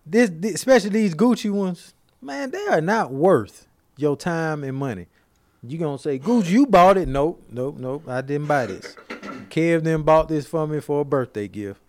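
A man's voice: on the high side, normal speed, no room sound, clean studio sound. A man with co-hosting a casual podcast, telling stories animatedly and acting out quotes. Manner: animated storyteller, acts out quotes. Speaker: podcast co-host.

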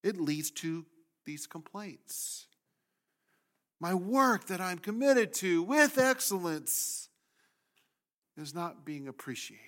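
A man preaching a sermon as pastor, speaking with animated emphasis and sometimes voicing the complaints of people in the story. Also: high-pitched, slow, pauses often.

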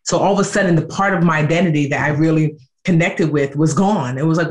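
A woman in her thirties, a guest in an interview, telling her story in a lively, animated way. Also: deep voice, fast. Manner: animated, acts out quoted voices.

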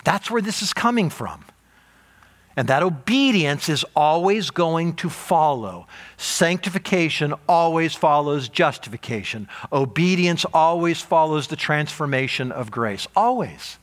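A man preaching with a lively, animated delivery, his voice sitting a little higher than most men's. He speaks emphatically and often repeats words to drive a point home. The pitch swings widely from phrase to phrase. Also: measured pace. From United States. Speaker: pastor. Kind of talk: sermon.

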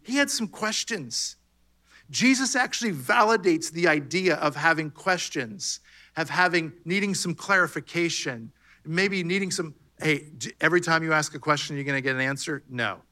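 A man preaching with a bright, forceful voice that sits a little high for a man. He talks conversationally and acts out short bits of dialogue as he makes his point. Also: lively intonation, normal speed. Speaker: pastor. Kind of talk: sermon.

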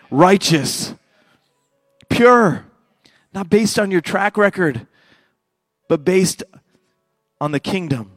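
A middle-aged man preaching a sermon as a pastor, swinging between loud fervent passages and quiet hushed ones. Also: high voice, lively intonation, slow pace, pauses often, no room sound, soft background music.

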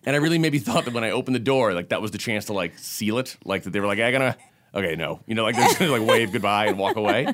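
A man's voice: on the low side, expressive, very fast, fairly bright tone, slight background noise. A man talking casually after his story, laughing at himself as he answers questions. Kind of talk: casual chat.

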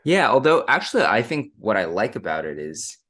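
Male podcast host, very low voice, thoughtful, explains at length. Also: very animated, brisk, a bit bright. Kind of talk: casual chat.

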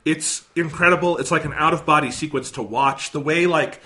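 Excited guy gushing about movies on a podcast, tense bright tone. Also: on the high side, a little fast. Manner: enthusiastic, emphatic, swears casually. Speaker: podcast co-host. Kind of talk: casual film discussion.

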